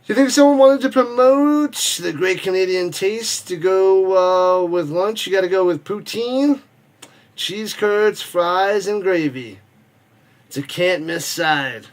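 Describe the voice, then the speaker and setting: A man's voice: high voice, takes it slowly. A man hosting a football watch party stream, chatting casually, joking, reading viewer messages and calling the plays. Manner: rambling, joking, reads chat messages aloud. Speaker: watch party host and play-by-play caller. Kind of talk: casual live-stream chat with play-by-play.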